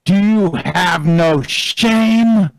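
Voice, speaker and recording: A man voicing a hot-headed, furious male bird pilot in a live comedic fanfic reading, shouting with outrage. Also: medium pitch, wildly swooping pitch, slow pace, creaky, smooth, no room sound, pitched above the performer's own voice, full character voice.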